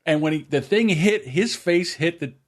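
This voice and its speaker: A man co-hosting a podcast, telling family stories in a casual, animated way and jumping up in pitch to act out quotes. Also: normal speed. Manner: animated, acts out quotes in a raised voice. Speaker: podcast co-host. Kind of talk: casual storytelling chat.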